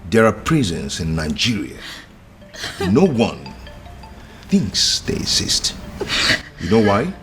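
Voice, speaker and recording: An actor playing a menacing rich man who speaks in a slow, cold, threatening way. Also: on the low side, huge pitch swings, fairly bright tone, faint music behind, exaggerated voice.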